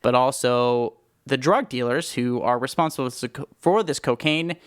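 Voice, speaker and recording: A man's voice: medium pitch, normal speed, smooth, no room sound, clean studio sound. A young man co-hosting a movie talk stream, chatty and opinionated, laughing often as he talks. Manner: chatty, opinionated, laughs often, self-described film snob. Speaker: podcast co-host. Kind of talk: casual movie chat.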